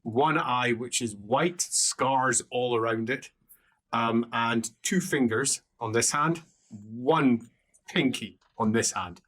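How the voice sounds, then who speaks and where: A man narrating a tabletop role-playing game as game master, describing scenes in an unhurried way. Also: mid-range voice, fairly bright tone.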